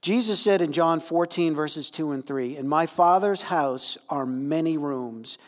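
Animated preacher man in a reverberant hall. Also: a little high, a little slow. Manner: animated, conversational preaching with fillers. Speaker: pastor. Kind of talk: sermon.

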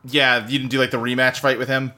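A man's voice: medium pitch, level tone, fast talker, pushed and bright. A man co-hosting a casual chat about games from his home office, speaking loosely with lots of fillers and the odd curse word. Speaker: podcast co-host. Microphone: desktop computer setup.

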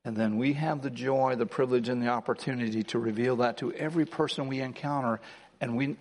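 A man preaching a Christmas sermon as pastor, swinging between emphatic, rising declarations and slow, soft reflection. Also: medium pitch, fairly even intonation, long reverb tail. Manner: builds to emphatic, rising lines, then slows and softens. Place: church sanctuary.

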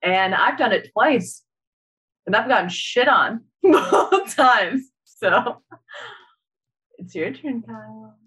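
A woman's voice: a little high, expressive, slow pace, pauses often, fairly bright tone, breathy edge, poor audio. A woman co-hosting a podcast in casual chat, teasing and playful. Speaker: podcast co-host.

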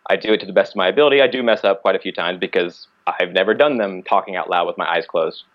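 Low-voiced man telling a story. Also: fast, dull audio. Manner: animated, acts out quoted dialogue. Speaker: podcast guest, martial artist. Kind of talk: casual storytelling.

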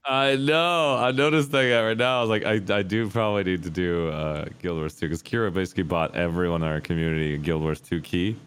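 A man in casual podcast chat, telling stories with lively jumps into a high voice when acting out scenes. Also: quick pace, few pauses, clear, resonant tone. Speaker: podcast co-host.

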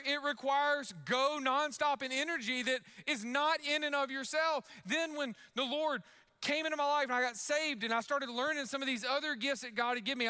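A young man preaching to his church in a loud, energetic way. His voice sits high and sounds bright and forceful. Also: clean tone. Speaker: pastor. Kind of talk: sermon.

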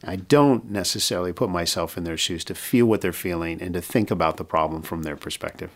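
Middle-aged guy spinning a yarn, low-ish voice, acts out the lines. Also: brisk. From United States. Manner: animated storyteller acting out dialogue. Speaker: mission president, guest. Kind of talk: storytelling in a podcast interview.

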